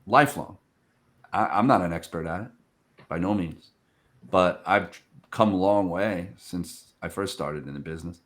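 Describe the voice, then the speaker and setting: A man with a fairly low voice hosts a casual interview. He tells stories with lots of energy and acts out the voices of the people in them. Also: normal speed. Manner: animated storyteller, acts out quoted speech. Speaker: podcast host.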